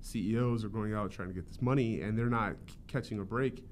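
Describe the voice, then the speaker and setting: A man's voice: lowish voice, a little fast, slight background noise. A young adult man, a podcast host and author appearing as a guest, chatting casually with lots of fillers and restarts. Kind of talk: casual chat.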